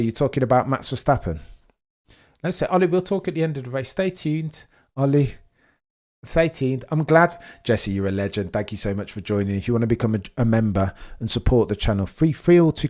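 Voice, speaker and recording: A young man hosting a live race watch-along stream, chatting with viewers and reacting excitedly as the race unfolds. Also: mid-range voice. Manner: excitable, chatty, reads chat messages, swings from muttering to excited shouting.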